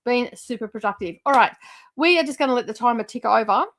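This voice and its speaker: A woman's voice: on the high side, expressive, quick pace, fairly bright tone. A middle-aged woman, chatting casually as host of a livestream, rambling with lots of fillers and laughs.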